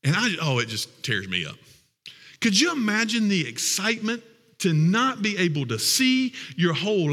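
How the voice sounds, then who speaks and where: A man's voice: sits high, pushed and bright, big-room sound. A man preaching a sermon in a folksy, emotional, conversational way.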